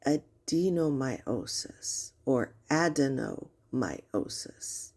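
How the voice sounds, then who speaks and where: A woman's voice: low voice, creaky, slightly rough. A woman giving casual explanatory commentary, wry and teasing, often asking rhetorical questions.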